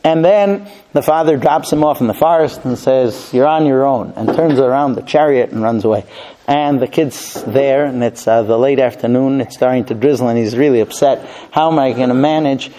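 A man's voice: mid-range voice, normal speed, dark tone, poor audio. A man teaching a Torah class and telling a long parable, with fillers and restarts.

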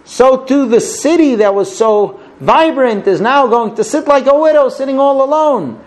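A man's voice: very high-pitched, animated, moderate pace. A man teaching a Torah class, speaking with passion and rhetorical questions, and now and then chanting verses in Hebrew. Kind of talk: Torah class on the Book of Lamentations.

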